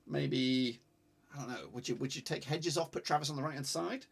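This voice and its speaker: A man streaming a live football watch-along, reacting excitably, swearing and urging viewers to like and subscribe. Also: medium pitch, fairly quick, vocal fry, husky.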